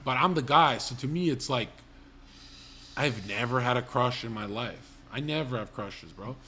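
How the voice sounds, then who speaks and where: A man's voice: mid-range voice, expressive, moderate pace, pushed and bright, slight background noise. A young man hosting a livestream, telling crude comedic stories in a blunt, rambling, profane way. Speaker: livestream host.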